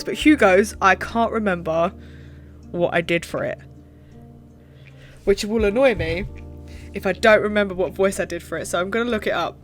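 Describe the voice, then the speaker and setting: A young woman chatting cheekily while playing a dating game. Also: medium pitch. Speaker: gaming youtuber. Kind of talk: let's play commentary. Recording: background game music.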